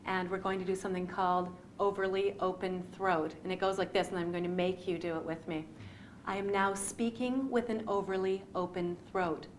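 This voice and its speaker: A woman who teaches speech and performs, giving a dramatic reading and leading a voice exercise in an expressive, instructive manner. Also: mid-range voice, normal speed, a little hiss or hum. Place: large formal event room.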